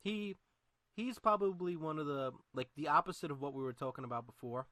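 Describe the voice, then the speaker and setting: A man's voice: fairly high pitch, lively intonation, brisk, sharp tone, dry recording. A man co-hosting a casual podcast, talking in a laid-back way that leans on "you know" and "like". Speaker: podcast co-host. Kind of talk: casual wrestling chat.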